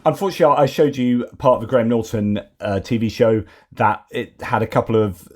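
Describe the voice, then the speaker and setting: A man's voice: mid-range voice, fairly even intonation, brisk, a little mellow. A man hosting a casual news commentary, rambling and digressing with many fillers and restarts.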